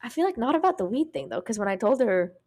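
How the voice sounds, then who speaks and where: A woman's voice: on the high side, fast talker. A woman co-hosting a podcast, telling stories in casual chat, acting out what others said and swearing freely. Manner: animated storytelling, acting out other people's lines, frequent swearing. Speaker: podcast co-host.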